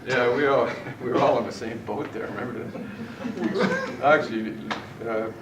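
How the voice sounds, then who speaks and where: In a large indoor party room, a middle-aged man gives a tribute speech full of fishing anecdotes, chuckling often along the way. His medium-pitched voice is sing-song and a little slow, and the recording is echoey, distant, and noisy.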